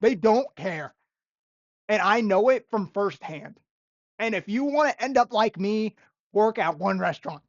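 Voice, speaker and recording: In a vlog monologue, a young restaurant busser vents with sarcastic exasperation and repeated phrases. She speaks a little slowly and expressively at a medium pitch, and the recording is dull, lo-fi and dry.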